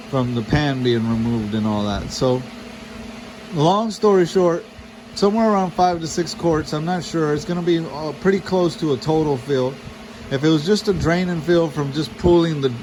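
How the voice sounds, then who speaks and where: A man walks viewers through a car repair in a loose, rambling, chatty way, often addressing them directly. His voice sits slightly high for a man. A faint hum runs under the camera mic audio in a garage. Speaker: mechanic vlogger. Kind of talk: casual how-to narration.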